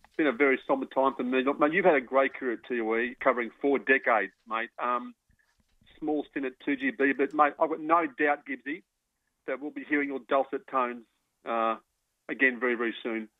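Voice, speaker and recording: A man's voice: medium pitch, fairly quick, dry recording. A man with an Australian accent calling in by phone, affectionate and matey. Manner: affectionate, matey, says mate constantly. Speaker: caller. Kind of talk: phone-in chat. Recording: tinny phone line.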